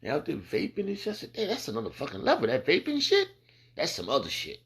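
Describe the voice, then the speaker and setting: A man speaking casually about his faith, rambling and swearing freely, calling listeners "man" and "bro", and slowing down to read scripture. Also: a little high, huge pitch swings, creaky, a bit bright. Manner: reads scripture slowly. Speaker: speaker sharing faith testimony. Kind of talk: casual religious talk.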